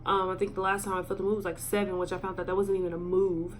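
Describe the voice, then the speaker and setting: Woman telling a halting story. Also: medium pitch, little pitch movement, a little hiss or hum. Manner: halting and filler-heavy, emotional. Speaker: vlogger. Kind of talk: storytime vlog.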